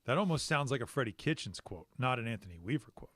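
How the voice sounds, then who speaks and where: A man's voice: medium pitch, lively intonation, a bit bright, dry recording, studio quality. A man co-hosting a sports talk radio show, wry and prodding, ready with stats. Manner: wry, quick to prod and quote stats. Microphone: studio microphone.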